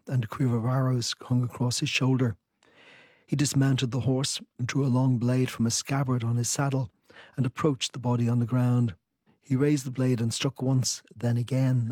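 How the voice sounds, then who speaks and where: A man with a mid-range, slightly husky voice answers interview questions in a thoughtful, measured way. He also reads a long passage from his own book. The recording is dry and close. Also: medium pitch, darkish tone, no echo. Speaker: author.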